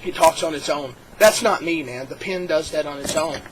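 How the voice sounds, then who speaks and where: A man telling a mock-earnest comic story, stammering and excitable. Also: a little high, normal speed, background noise.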